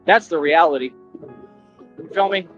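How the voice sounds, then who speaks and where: A man's voice: on the high side, normal speed. A man in a played clip, boasting in a confrontational, slangy monologue about running the streets. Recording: dull lo-fi clip audio with music.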